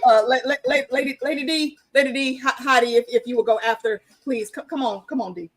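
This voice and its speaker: A woman's voice: sits high, fairly even intonation, fast. A woman co-hosting a casual TV recap chat, blunt, profane and emphatic. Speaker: show co-host.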